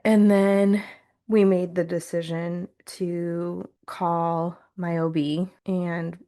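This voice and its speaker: A woman's voice: fairly low pitch, little pitch movement, extremely slow, warm tone. A young woman hosting a podcast, talking openly and earnestly about her own experience. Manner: open, earnest, confessional. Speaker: podcast host. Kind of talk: candid podcast conversation.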